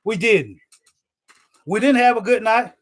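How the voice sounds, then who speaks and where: High-voiced frustrated man ranting. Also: expressive, measured pace, poor audio. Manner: rambling, repetitive, frustrated, swears often. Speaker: sports fan vlogger. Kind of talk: live stream reaction rant.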